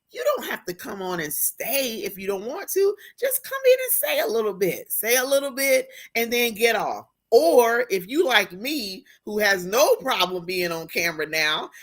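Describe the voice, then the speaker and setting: A woman hosting a live-stream talk show, effusive and excitable, with a churchy way of talking. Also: on the high side. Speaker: host.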